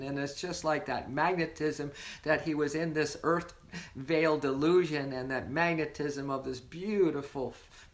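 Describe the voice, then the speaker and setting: Leading an online spiritual sobriety meeting, a speaker with a medium-pitched voice gives an inspirational talk full of stories. The delivery is warm-hearted, playful, and rambling, with frequent repeated words.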